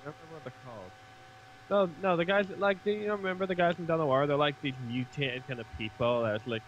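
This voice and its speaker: A man's voice: on the high side, fairly quick, a crowd in the background. A man chatting casually while playing a game co-op, joking and swearing freely. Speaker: gamer. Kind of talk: casual co-op gaming chat. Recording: dull lo-fi mic.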